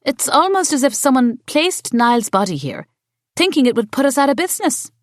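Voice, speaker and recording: A woman reading the part of a young Irish woman who runs a family bistro, defiant and quick to retort. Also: sits high, very animated, no room sound, clean studio sound, voice pushed up. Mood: urgent.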